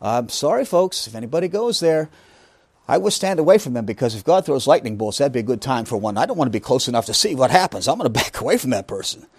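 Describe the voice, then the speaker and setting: Animated preacher man with lively pitch. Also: fast, breathy edge, no echo, clean studio sound. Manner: emphatic, with rhetorical questions and joking asides. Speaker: pastor teaching a Bible study. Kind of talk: sermon.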